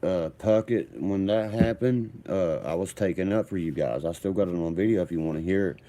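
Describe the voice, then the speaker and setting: Brief: man, deep and mellow, combative vlogger telling a rambling story. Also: brisk.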